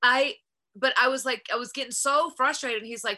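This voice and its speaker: A woman's voice: high voice, fairly quick. A middle-aged woman in a casual interview, telling stories animatedly, leaning on "like" and acting out what she said back then. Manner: animated, frequent "like", acts out her past self. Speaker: wrestler and guest.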